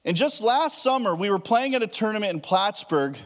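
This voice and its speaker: A man's voice: high voice, expressive, a little fast. A man preaching a sermon as a pastor, telling stories in a casual way with frequent restarts. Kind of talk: conversational sermon.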